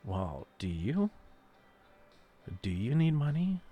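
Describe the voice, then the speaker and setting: Speaking slowly in a fairly low, creaky and expressive voice, a man goes it alone on his podcast with a profane, meandering rant born of frustration. He asks himself questions along the way and mimics imagined people in a raised voice.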